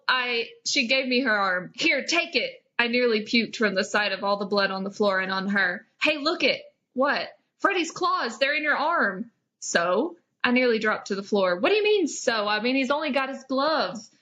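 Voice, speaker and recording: A young woman with a bright, fairly high voice reads old fan fiction aloud on a comedy podcast. She hams up the lines with dramatic flair and keeps dissolving into giggles. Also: muffled recording. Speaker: podcast host.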